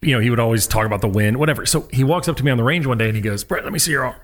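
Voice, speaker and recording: A man's voice: medium pitch, rapid-fire. A man, telling stories in a casual interview and acting out the people he quotes. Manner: animated storyteller who acts out quotes. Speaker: guest, former college pitcher. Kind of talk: casual storytelling.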